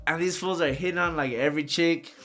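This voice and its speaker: A man with a somewhat high voice tells loose, animated anecdotes in casual conversation. His talk is heavy with slang and swearing. Soft guitar music plays quietly behind him. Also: quick pace. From Socorro area. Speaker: podcast guest, rapper. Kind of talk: casual storytelling.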